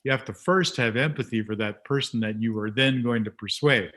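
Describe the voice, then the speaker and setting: Chatty male host, animated storyteller. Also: medium pitch, fairly quick. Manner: chatty, animated when telling stories. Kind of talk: casual interview chat.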